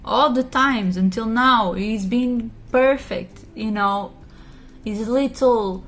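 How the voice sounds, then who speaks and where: A woman's voice: fairly high pitch, fairly bright tone. A woman in her thirties, a pregnant vlogger, talking in a rambling, emotional way and leaning often on "you know" and "like". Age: 30s. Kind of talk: casual confessional vlog chat.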